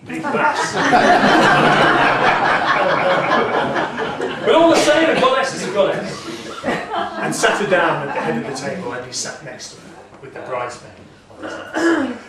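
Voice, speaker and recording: Storyteller in an echoing hall. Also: male voice, sits high, sing-song, normal speed, background noise. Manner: dramatic, swelling and hushing. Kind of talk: live oral storytelling. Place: castle great hall. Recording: echoey hall from far off.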